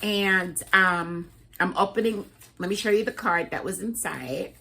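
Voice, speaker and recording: A woman chatting to camera as a cross-stitch vlogger, gushing and excitable as she talks straight to her viewers. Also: fairly low pitch, measured pace, slightly rough. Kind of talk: casual chat to camera.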